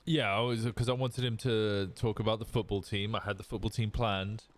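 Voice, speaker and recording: A man's voice: lowish voice, little pitch movement, fairly quick. A young man with an English accent chatting casually on a live stream while gaming, rambling and self-mocking, breaking into laughs and the odd curse.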